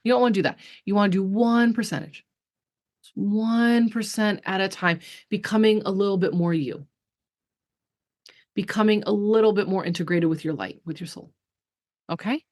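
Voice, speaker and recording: A woman's voice: normal speed, long pauses, a little mellow. Emphatic, profane woman coaching a group. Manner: emphatic and profane, with big swings in pitch; chatty, full of fillers and restarts. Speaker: business coach and podcast host. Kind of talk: casual coaching talk to a group call.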